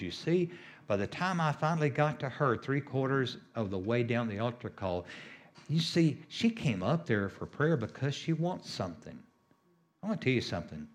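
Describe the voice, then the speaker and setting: A middle-aged man preaching a sermon as a healing minister, emphatic and repetitive, with sudden rises on key phrases. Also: mid-range voice.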